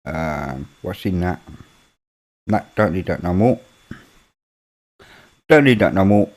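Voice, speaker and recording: A man's voice: sits low, lively intonation, slow pace, a little mellow. A man with a Birmingham accent chats casually on a live stream. He reads out comments from viewers as they come in and mutters to himself while he works. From Birmingham, England. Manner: chatty, mutters while working on his computer. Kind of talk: casual chat with chat readers.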